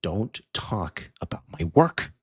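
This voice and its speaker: Man doing a gruff elf quartermaster, menacing, curt, deep, husky, dry sound. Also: very animated, slow, a little mellow, dry recording, full character voice. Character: gruff male elf quartermaster, touchy and threatening.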